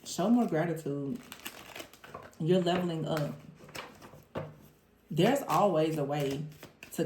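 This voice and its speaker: A woman giving a tarot reading to her viewers in an animated, exasperated way, mimicking the people she talks about. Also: low-pitched, noisy background. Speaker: tarot reader. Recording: roomy echo.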